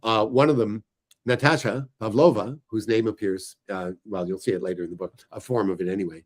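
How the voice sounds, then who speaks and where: A middle-aged man chatting casually about his book, telling stories in a lively way with filler words. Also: lowish voice, fairly quick. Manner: animated storyteller, voices quoted people loudly. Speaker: author discussing his book. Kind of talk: casual storytelling chat.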